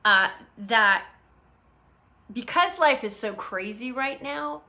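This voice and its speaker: A middle-aged woman hosts an unscripted livestream from her phone, rambling and greeting viewers by name as they join. Her voice is a little high, slow and lively in intonation, with a pushed, bright quality.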